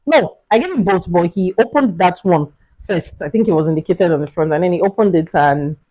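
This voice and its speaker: A woman with a Nigerian English accent, a vlogger and mother, telling a personal story to her viewers in a casual, dramatic, animated way. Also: lowish voice, fairly quick, muffled recording. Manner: talks straight to her viewers.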